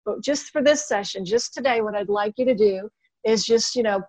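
A high-voiced woman, a guest hypnotist, talks shop in a casual teaching chat that sounds like a video call. She speaks at normal speed over poor audio, animatedly playing both sides of a client conversation.

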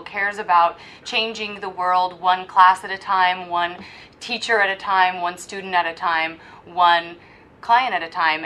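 A woman co-hosts a podcast and speaks in an effusive, expressive way. Her voice is bright and forward but sits fairly low. It was recorded at a hypnosis center. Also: low-quality recording. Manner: warm praise, effusive, expressive. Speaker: podcast co-host. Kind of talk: casual podcast chat.

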